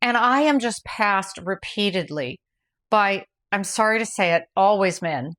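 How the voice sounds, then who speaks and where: A woman's voice: medium pitch, animated, a little slow, a bit bright. Candid woman telling a race story. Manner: rambling, self-correcting, candid. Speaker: vlogger recounting her race. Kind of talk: casual storytelling.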